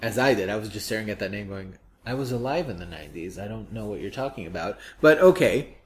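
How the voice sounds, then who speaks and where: A man chatting about comics on a podcast, his pitch swinging widely as he vents. He sounds exasperated and sarcastic, and now and then he drops into mock voices. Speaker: comics review podcast co-host. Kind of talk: casual chat.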